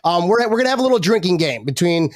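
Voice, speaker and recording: High-voiced hyped-up male show host. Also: fast, dry recording, clean studio sound. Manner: hyped, energetic hype-man delivery with restarts. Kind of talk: live sports fan show hosting.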